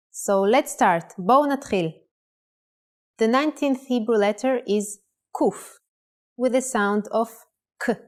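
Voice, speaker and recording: Clear-voiced woman teaching a language lesson. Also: on the high side, darkish tone. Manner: clear, careful pronunciation. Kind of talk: scripted lesson narration.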